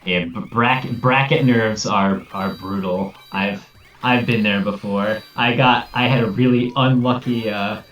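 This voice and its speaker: A man with a very low voice trades casual game commentary, stumbling and restarting his sentences. He sounds far from the mic in an echoey room, with faint music behind. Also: steady tone, measured pace, fairly bright tone. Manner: hesitant, stammering restarts. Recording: roomy distant mic.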